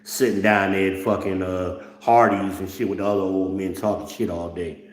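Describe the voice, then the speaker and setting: A man's voice: deep voice, steady tone, moderate pace, reverberant. A middle-aged man hosting a blunt, profane, mocking rant. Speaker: host. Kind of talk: ranting commentary.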